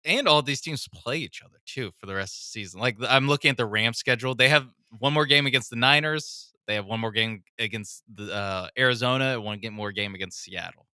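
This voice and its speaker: A man's voice: medium pitch, fairly quick, hardly any pauses, bright, forceful tone, clean tone, dry recording, studio quality. A man co-hosting a sports radio show, casually running through team schedules with chuckles.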